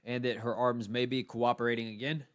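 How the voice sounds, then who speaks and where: A man with a Texan accent calls a tennis match shot by shot in a calm, even-tempered way. His voice sits in an ordinary middle pitch, and he adds brief asides between points as he works through a solo live watchalong. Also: a little fast. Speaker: tennis commentator.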